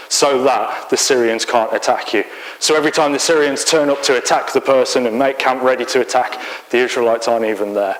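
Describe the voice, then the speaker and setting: An English man gives a church sermon in a relaxed, storytelling way. He retells scripture in everyday words and slips in a light joke now and then. His voice sits at an ordinary, middle pitch for a man. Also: brisk, poor audio. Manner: conversational storytelling with light humor. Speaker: preacher.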